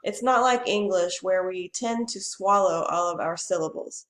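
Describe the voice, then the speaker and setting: A woman Spanish teacher giving a bilingual lesson. She says each Spanish phrase first and then the English, slowly and clearly. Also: lowish voice, a bit bright, echoey room.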